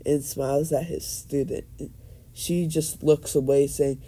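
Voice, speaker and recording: Slow, rambling young man making up a story. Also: a little high, fairly even intonation, warm tone. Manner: rambling, many fillers and restarts, laughs at own jokes. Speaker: fan storyteller. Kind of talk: improvised fan story narration.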